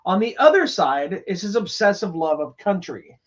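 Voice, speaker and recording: A man co-hosts a movie review podcast, chatting casually and enthusiastically, rambling and restarting his sentences. His high voice has a sing-song quality at normal speed, and the recording sounds slightly dull and lo-fi.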